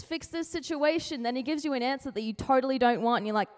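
Woman doing a chatty youth sermon, kinda high voice, jokey, lots of hall echo. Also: lively intonation, quick pace, hardly any pauses. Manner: chatty, playful, acts out quotes in comic voices. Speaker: youth speaker sharing a devotion. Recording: hall with long reverb.

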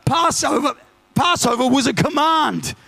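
High-voiced preacher. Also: male voice, a little slow, creaky. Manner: lively storytelling, shifts between urgent declaration and asides. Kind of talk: sermon.

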